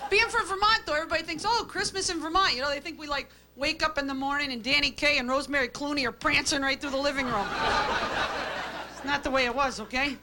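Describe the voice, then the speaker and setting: High-voiced deadpan woman comic. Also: fast talker. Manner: deadpan quips, tags jokes with a flat "okay?". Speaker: stand-up comic. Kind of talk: stand-up comedy routine. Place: comedy club stage with a live audience. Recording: hissy old VHS tape with audience laughter.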